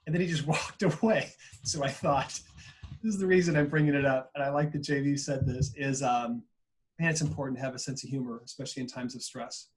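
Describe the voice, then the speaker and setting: A man's voice: medium pitch, steady tone, quick pace, slight background noise. A man in his forties, a consultant on a video-call panel, telling a story in an earnest, reflective way. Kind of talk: panel webinar talk.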